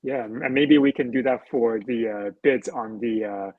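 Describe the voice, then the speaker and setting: A man's voice: medium pitch, moderate pace, no echo, phone-quality sound. A man joining a livestream, speaking hesitantly with many fillers. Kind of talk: casual livestream chat.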